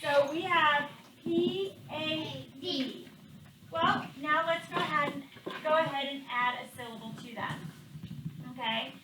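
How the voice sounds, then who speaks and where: A woman leads a classroom phonics lesson in a very high voice, patiently coaxing answers from her pupils. She is picked up from a distance in an echoing room, with steady background noise around her. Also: a little slow. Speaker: teacher. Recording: echoey classroom, far from mic, background noise.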